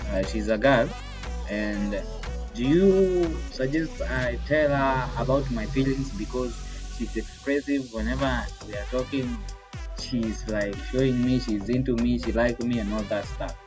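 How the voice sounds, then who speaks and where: A man's voice: medium pitch, a little slow, over music. A young man chatting casually with his voice assistant, hesitant and rambling with lots of fillers. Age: young adult. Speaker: tech video creator.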